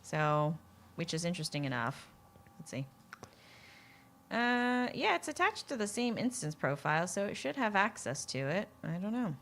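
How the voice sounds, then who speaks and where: A woman's voice: lowish voice, sing-song, moderate pace, a bit bright. A woman co-hosting a live coding stream in casual technical chat, thinking aloud and laughing often. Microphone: desk mic at a computer. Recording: faint noise, glitchy internet audio.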